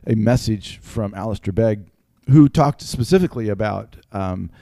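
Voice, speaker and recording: Middle-aged father co-host, warm dark timbre, casual halting chat. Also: on the low side, gravelly, dry recording, clean studio sound. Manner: halting, restarts while explaining. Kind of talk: casual family podcast chat.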